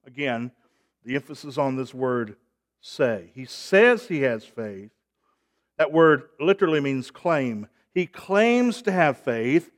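A man delivers a sermon from the pulpit. He preaches emphatically and swells in volume to drive home each key point. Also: on the high side. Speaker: pastor.

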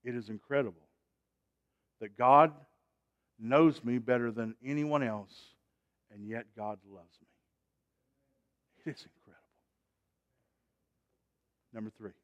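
Guy preaching a sermon, mid voice, goes quiet then loud, keeps asking the church to say amen. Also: medium pitch, muffled recording. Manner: swings from loud emphatic calls to quiet, drawn-out phrases; asks the congregation for responses.

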